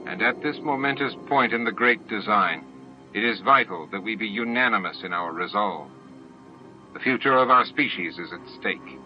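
A man's voice: on the low side, animated, moderate pace, dull audio, soft background music, close to an everyday voice. A man voicing the solemn leader of an alien hive council, speaking in declamatory tones.

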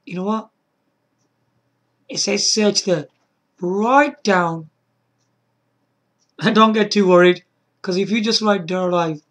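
A husky man talks in a slow, drawn-out way on his casual video, full of hype. He beatboxes between sentences and jumps up into loud, high-pitched shouts when he gets excited. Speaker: YouTuber.

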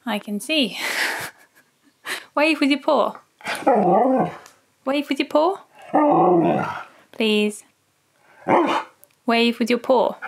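A woman's voice: fairly high pitch, creaky, noisy background. A woman who makes dog videos, playfully coaxing her dog through tricks and laughing often. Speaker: dog owner and video maker. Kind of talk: talking to her dog during trick training.

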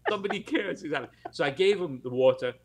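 A man's voice: fairly high pitch, lively intonation, fast. A British man telling a showbiz anecdote in casual podcast chat, acting out the voices of people in his story. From United Kingdom.

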